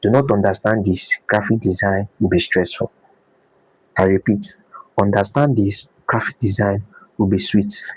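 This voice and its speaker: Man, low husky voice, design instructor, quizzing students, dry sound. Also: steady tone, moderate pace, no room sound, poor audio. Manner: repeats points and quizzes the class with "what?". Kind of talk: live class lecture.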